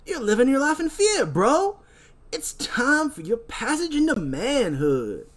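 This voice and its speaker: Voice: sits high, wildly swooping pitch, measured pace, voice pushed up, heavily acted. A podcaster doing stoner party dude Titus. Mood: pushy. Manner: laid-back, pushy, slangy. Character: reckless stoner party guy, young man.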